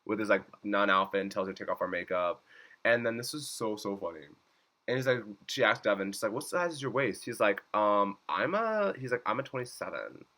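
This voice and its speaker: Animated bright-voiced man recapping a show. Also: lowish voice, brisk. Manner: animated, laughs a lot, swears freely, squeals when excited. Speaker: YouTube reviewer. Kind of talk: casual episode recap.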